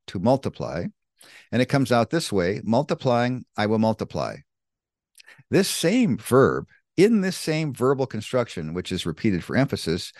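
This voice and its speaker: Animated male Bible teacher, dry sound. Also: lowish voice, dry recording. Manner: deliberate, emphatic, spells out key words.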